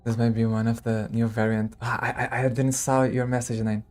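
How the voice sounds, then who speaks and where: A male streamer chatting casually with his viewers while he plays, talking low, quiet and gravelly, and laughing often. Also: monotone. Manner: speaks low and quiet, gravelly, like a movie vigilante; slow, laughs often, talks to chat. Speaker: streamer playing a game. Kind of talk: casual live-stream chat.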